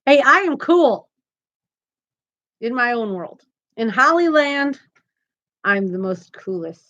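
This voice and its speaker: A woman's voice: a little high, sing-song, slow pace, pushed and bright, muffled recording. Giggly woman, crochet live-stream host. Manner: chatty, giggly, reads viewer comments aloud. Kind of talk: casual live-stream chat. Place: home.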